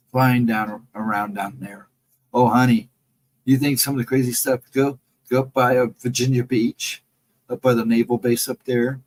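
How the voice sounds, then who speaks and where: A man's voice: mid-range voice, low-quality recording. A man hosting a casual late-night livestream, telling rambling folksy stories and answering his chat. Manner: rambling, folksy storytelling with restarts; reads out chat comments and answers them. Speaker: livestream host.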